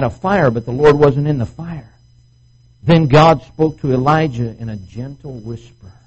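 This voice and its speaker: A man's voice: mid-range voice, darkish tone, breathy edge, highs cut off. A middle-aged male pastor preaching a sermon at a marriage retreat, acting out quoted voices as he goes. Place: marriage retreat meeting room.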